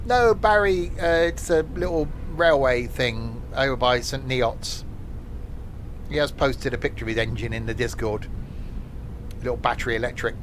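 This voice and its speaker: A man's voice: medium pitch, moderate pace, a bit bright, slight background noise. A man chatting casually while streaming a train simulator, rambling off into asides. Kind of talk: casual gameplay commentary.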